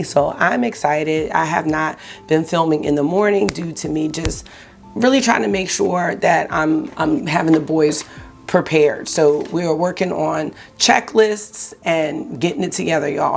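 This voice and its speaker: A chatty woman in her forties with a gravelly, low morning voice talks through her makeup routine. She sounds relaxed and friendly, drops a "y'all" here and there, and talks close to the camera mic. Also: normal speed, faint music behind. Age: 40s. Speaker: beauty vlogger. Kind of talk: casual get-ready-with-me chat.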